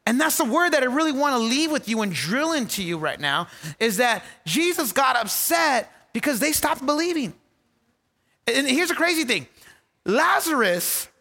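A man preaching a sermon as pastor, animated, repeating key lines for stress and laughing at his own jokes. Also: extremely high pitch, long reverb tail.

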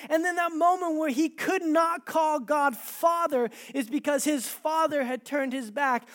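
In a high voice, a preacher delivers a dramatic sermon with scripture readings, alternating between loud, emphatic surges and hushed quiet.

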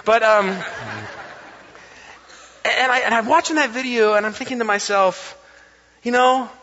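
High bright-voiced male pastor in a hall. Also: measured pace. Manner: animated storytelling with playful acted quotes. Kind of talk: sermon. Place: church sanctuary. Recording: dull, long reverb of a church hall.

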